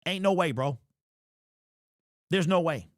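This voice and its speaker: A man's voice: a little high, slow pace, no echo, clean studio sound. A young man hosting a sports livestream, ranting in disbelief and reading viewer comments. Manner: exasperated, incredulous, repeats himself. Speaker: sports show host. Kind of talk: livestream sports rant, reading super chats.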